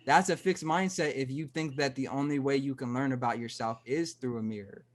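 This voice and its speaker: A man in casual podcast talk, working ideas out as he goes. His voice sits at a middle pitch, and he restarts his sentences often. He gets animated when he acts out an example. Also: fairly quick. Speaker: podcast host. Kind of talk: casual conversation.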